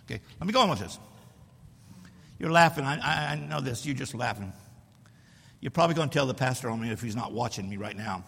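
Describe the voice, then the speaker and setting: A man preaching a sermon in a high, lively voice that swings up into bold declarations and drops into teasing asides. His tone is very bright and cutting. The sound rings with a long church-hall reverb. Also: brisk, gravelly, long pauses, slightly rough.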